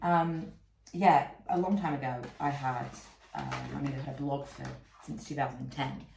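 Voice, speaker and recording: A woman's voice: extremely low pitch, steady tone, moderate pace, gravelly, a little mellow. A woman in her thirties, congested and sniffling from a cold, chatting casually and rambling with many fillers while she works at home. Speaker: vlogger and candle maker. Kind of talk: casual chat to camera. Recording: echoey room, mic a little far, noisy.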